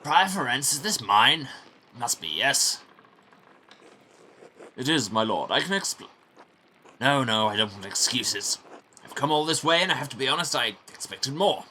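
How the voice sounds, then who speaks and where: A man plays a pompous middle-aged baron in a game, haughty and demanding, his voice bright and raised, with a lively pitch. A faint hiss runs beneath it. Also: unhurried, long pauses, exaggerated voice.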